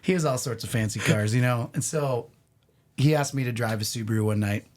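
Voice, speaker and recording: A middle-aged man, a podcast guest, telling casual stories in an animated, rambling way full of restarts. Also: mid-range voice, fairly quick. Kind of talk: casual storytelling.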